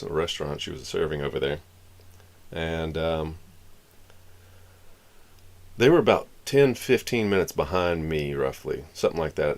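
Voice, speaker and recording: A man streaming live, telling a long story in a casual, rambling way and acting out the lines of the people in it. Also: extremely low pitch. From Florida. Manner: rambling, acts out the dialogue of the people in his story.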